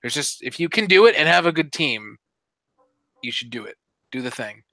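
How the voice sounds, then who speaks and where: A man's voice: fairly high pitch, big pitch swings, moderate pace, bright, forceful tone, dry recording. A man on a casual podcast, explaining game strategy in a rambling way with lots of "uh" and "like". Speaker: podcast co-host.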